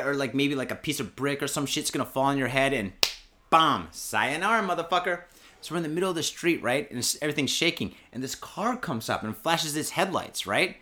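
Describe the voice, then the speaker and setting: A podcast host telling a casual story, excitable and profane, with lots of filler words. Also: male voice, medium pitch. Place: podcast studio.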